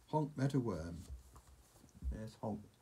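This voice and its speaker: A man's voice: fairly low pitch, expressive, slow pace, dark tone, slight background noise. A man reading a picture book aloud to a child, with playful, chatty asides.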